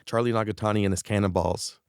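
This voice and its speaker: A male musician telling touring stories in a casual interview, lively and quick to laugh, often slipping into the voices of the people he quotes. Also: fairly low pitch, clean tone, no room sound, studio quality. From East Tennessee. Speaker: guest musician.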